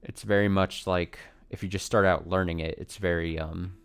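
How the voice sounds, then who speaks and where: A man's voice: low-pitched, steady tone, moderate pace, clear, resonant tone. A man chatting casually while streaming a game, rambling and self-deprecating, answering viewer questions with a chuckle. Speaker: let's play streamer. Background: faint game music.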